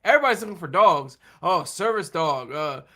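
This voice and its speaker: Chatty high-voiced man, rambling. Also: expressive, pushed and bright. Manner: rambling, halting, with many restarts and laughs. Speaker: livestream host talking with viewers. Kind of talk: casual chat.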